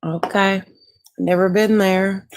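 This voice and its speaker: A woman's voice: medium pitch, fairly even intonation, takes it slowly. A woman from Texas, a guest on a casual livestream chat, rambling in a goofy, self-mocking way.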